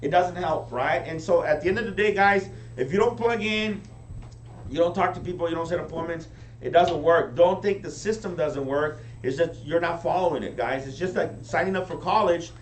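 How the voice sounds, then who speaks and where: A man giving a high-energy motivational training talk to a live audience, often checking in with them. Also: moderate pace. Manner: energetic, keeps asking the crowd "right?". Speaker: business team leader training recruits. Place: meeting room with an audience. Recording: echoey room, distant mic, faint hum.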